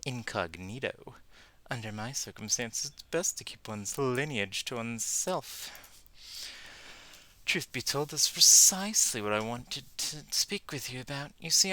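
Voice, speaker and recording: A man's voice: mid-range voice, bright, forceful tone, dry recording. A man voicing a smug young male noble heir with polished, persuasive courtly speech in a game.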